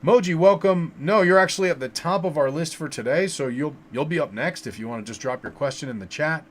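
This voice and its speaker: A man hosting a casual livestream tarot reading, reading viewers' names from the chat and giving relaxed advice, with many fillers and repeated words. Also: fairly high pitch, brisk, slight background noise.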